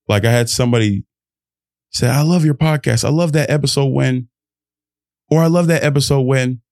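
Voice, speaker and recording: A man's voice: medium pitch, dry recording, clean studio sound. A young man from Texas hosting his own podcast, giving a rambling, preachy motivational rant that jumps between thoughts and breaks into laughs. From Texas, USA. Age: young adult. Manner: animated, emphatic, laughs often. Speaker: podcast host.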